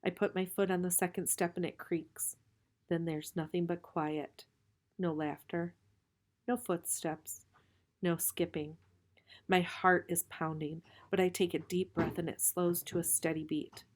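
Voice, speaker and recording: Calm woman reading a novel aloud. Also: lowish voice, measured pace. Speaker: reader.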